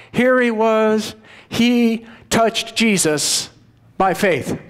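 A man preaching a sermon, retelling Bible stories in a conversational, storytelling way. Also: sits high. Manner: storytelling, conversational, retells scripture in quoted voices. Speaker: pastor.

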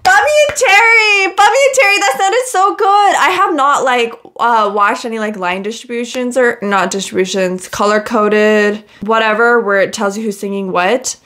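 A woman's voice: fairly high pitch, normal speed, few pauses, a bit bright. A young woman gushing and squealing as she reacts to music for her vlog, chatty and full of fillers.

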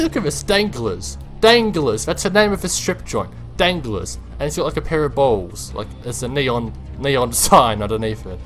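A man giving let's-play commentary on a game, talking to himself and his viewers, and yelping and swearing whenever something startles him. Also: mid-range voice. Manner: excitable, yelps and swears when startled. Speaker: gameplay commentator.

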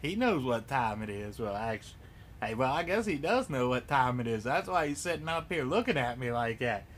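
A man's voice: medium pitch, very animated, moderate pace, a bit bright, a little hiss or hum. A man in his forties, stoned, rambling and swearing through a casual home unboxing vlog with self-mocking humor. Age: 40s. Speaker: unboxing vlogger.

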